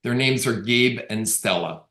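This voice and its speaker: A man's voice: mid-range voice, unhurried, pushed and bright. A middle-aged man from Canada giving a conversational webinar talk as a real estate agent, telling stories and acting out quoted dialogue. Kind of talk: casual storytelling talk. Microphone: video call. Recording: roomy echo on the voice.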